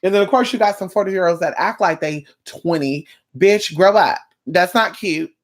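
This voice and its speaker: Sassy, blunt woman with a lowish voice. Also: normal speed. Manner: sassy, blunt and profane, slipping into mocking impressions. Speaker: vlogger. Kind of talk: casual vlog rant.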